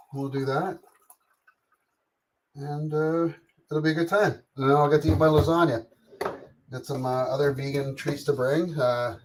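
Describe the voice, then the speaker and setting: Middle-aged male streamer, loose and profane, talks to chat while cooking, medium pitch. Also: a little mellow. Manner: chatty, profane, talks to viewers by name. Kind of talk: casual live-stream chat.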